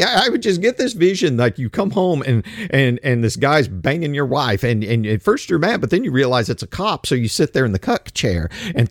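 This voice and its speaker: A man's voice: on the high side, big pitch swings, brisk, no room sound, clean studio sound. A man ranting in opinion commentary, blunt, profane and sarcastic.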